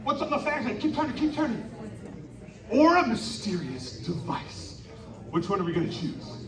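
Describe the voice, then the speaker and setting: At a moderate pace, this high-pitched showman fires up the crowd at a winter carnival's outdoor stage, lively and urging the kids' audience to yell back. He's a live storytelling performer, captured from afar in an echoey recording full of audience noise.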